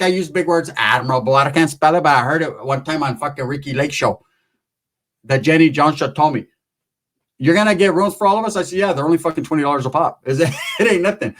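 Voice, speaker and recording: A man's voice: fairly high pitch, a bit bright. A man telling a long, profane, rambling story in casual talk, acting out the other people in it.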